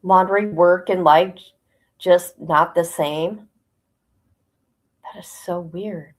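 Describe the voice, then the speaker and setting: Slow-talking woman streamer chatting. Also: on the low side, fairly even intonation, poor audio. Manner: chatty, colloquial, laughs often; reads viewer comments aloud. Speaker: livestream host. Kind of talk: casual livestream chat.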